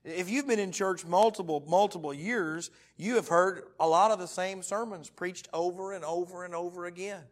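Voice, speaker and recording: Preacher in his 30s, slightly high voice, lively, jokey storytelling with loud bursts. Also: normal speed, hardly any pauses. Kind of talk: sermon. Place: church meeting room.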